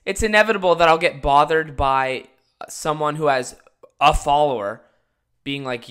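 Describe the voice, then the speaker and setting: A young man hosting a podcast, ranting casually and swearing a lot, swinging from mumbled asides to loud exasperated outbursts. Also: on the high side, normal speed, clean tone. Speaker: podcast host.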